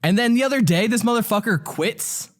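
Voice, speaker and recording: A man with a somewhat high voice, venting on a podcast. He talks in a heated, cursing rant in a casual chat setting. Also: lively intonation, fairly quick. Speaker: podcast guest.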